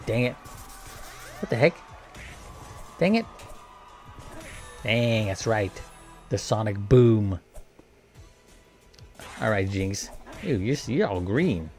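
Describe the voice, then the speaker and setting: A man's voice: medium pitch, dark tone. A man casually commentating a video game, joking and talking playfully to the characters. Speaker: gameplay commentator.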